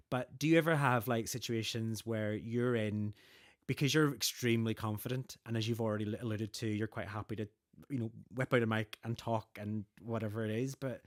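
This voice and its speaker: A man co-hosting a podcast, talking in a reflective, hesitant way and often repeating words as he asks questions. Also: medium pitch. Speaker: podcast co-host. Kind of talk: casual podcast chat.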